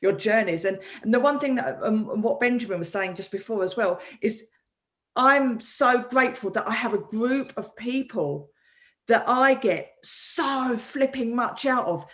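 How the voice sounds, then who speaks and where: A woman hosting a live online talk as a coach, animated and often restarting her sentences over a video call. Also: a little high, unhurried. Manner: animated, with many repeated restarts. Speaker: host and coach.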